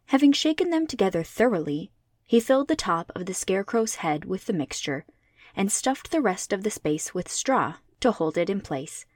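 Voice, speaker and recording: A woman podcast host reading a classic children's book aloud in an even narrating manner. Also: mid-range voice, no room sound, studio quality. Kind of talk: storybook read-aloud.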